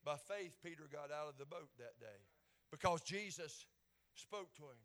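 High, bright-voiced Appalachian preacher. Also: male voice, animated, moderate pace. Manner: folksy, swings from quiet asides to shouted climaxes. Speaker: pastor. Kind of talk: sermon.

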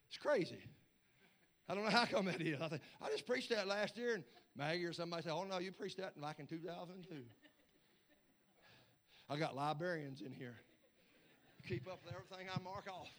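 Man, pastor, sermon, high voice, hollering with repeats. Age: middle-aged or older. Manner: building to shouted, hollering preaching with stammered repeats.

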